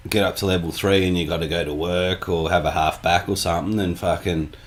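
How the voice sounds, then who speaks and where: A man's voice: sits low, steady tone, brisk. A man with an Australian accent, co-hosting a podcast with laid-back, sweary banter. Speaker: podcast co-host. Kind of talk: casual chat.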